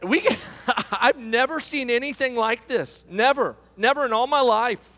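A middle-aged man preaching a sermon as pastor, telling a story with lively repetition. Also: very high-pitched, a little slow. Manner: animated storytelling, repeating words as he goes. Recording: long reverb of a large hall.

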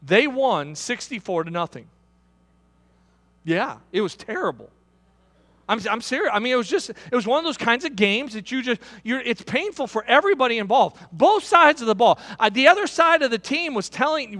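A middle-aged male pastor delivers a sermon in a high, bright voice with a sharp edge. He tells stories to the congregation, speaks to them directly, and often builds into loud, high-pitched preaching. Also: big pitch swings, moderate pace, big-room sound. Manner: storytelling with direct appeals to listeners.

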